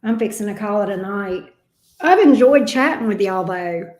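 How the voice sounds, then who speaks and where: A woman's voice: medium pitch, lively intonation, normal speed, a little mellow. A woman reading tarot on a casual livestream, sleepy and affectionate with her viewers. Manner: drawling and affectionate, sleepy, calls viewers love bug and honey. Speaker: tarot reader. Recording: roomy echo.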